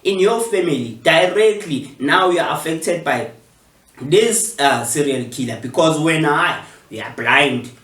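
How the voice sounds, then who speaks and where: South African male vlogger, fairly high voice, roomy echo, off-mic, heated rhetorical riff. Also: unhurried, distant mic. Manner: animated, rhetorical, jumps to high mock-quote voices. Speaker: commentary vlogger. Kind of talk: unscripted opinion monologue.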